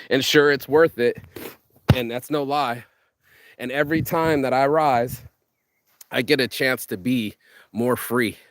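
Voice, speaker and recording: A man's voice: medium pitch, no room sound, clean studio sound. Fired-up, profane man giving a motivational rant. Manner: profane, fired-up, rambling with restarts. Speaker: vlogger. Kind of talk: motivational monologue.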